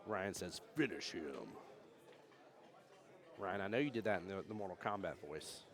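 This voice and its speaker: A man giving jokey, animated live commentary on a pool tournament and reading chat comments aloud. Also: low-pitched, fast talker. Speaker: pool match commentator and streamer. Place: pool hall during a tournament.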